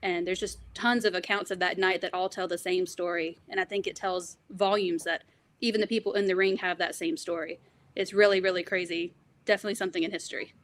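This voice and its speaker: A woman's voice: lowish voice, steady tone, fast talker, a bit bright. A woman guest in an interview, telling family stories in an affectionate, conversational way.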